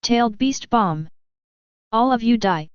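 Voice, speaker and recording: A woman voicing a huge, irritable male sand beast that gloats and roars, in a smooth voice on dull lo-fi audio. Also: on the high side, lively intonation, unhurried, no echo. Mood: furious. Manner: gloating, roaring.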